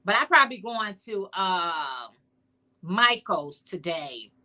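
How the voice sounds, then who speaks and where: Woman, livestream host, casual chat, bright tone, playful asides to viewers. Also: on the low side, very animated, slow. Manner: chatty, playful, talks straight to viewers; sassy, teasing asides.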